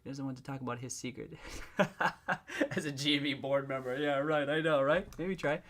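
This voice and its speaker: A man hosting a relaxed livestream reacts to viewer comments and reads them out in a quick, a bit bright, mid-range voice with fairly even intonation. His manner is playful and chatty, full of laughter and restarted sentences.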